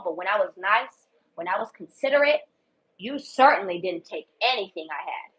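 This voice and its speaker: A woman doing a casual tarot reading for viewers, talking bluntly with lots of swearing and repetition. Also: on the high side. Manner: blunt, profane and emphatic, repeats herself. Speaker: tarot reader. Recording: dull lo-fi sound.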